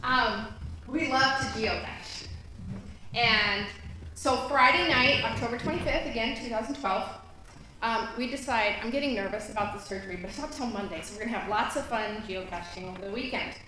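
Woman from florida telling a story on stage, bright crisp voice, lots of echo. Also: fairly high pitch, normal speed, slight background noise. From Florida, USA. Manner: chatty, with fillers. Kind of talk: live storytelling. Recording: echoey hall.

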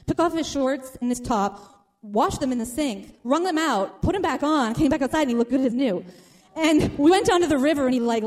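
A woman telling a funny personal story to a live audience, animated and acting out the people in it. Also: on the high side.

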